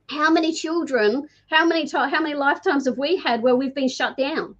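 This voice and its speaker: Chatty woman healer, kinda high voice, lots of um and like, muffled lo-fi sound. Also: fairly quick, hardly any pauses. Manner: chatty, animated, full of fillers and acted quotes. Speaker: energy healer guest. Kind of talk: casual conversational storytelling. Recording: dull lo-fi audio.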